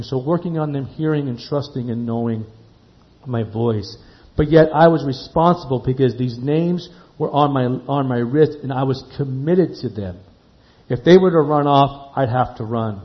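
Animated male preacher, lo-fi sound. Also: medium pitch, normal speed. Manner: animated storytelling, acts out dialogue, asks the congregation questions. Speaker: pastor. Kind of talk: sermon.

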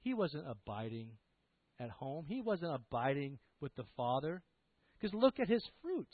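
An emphatic male preacher delivering a sermon, his fairly high voice swinging widely as he presses rhetorical questions. The sound is thin and tinny, like a phone line. The audio is dry, with no room echo. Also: sing-song, measured pace, slightly rough.

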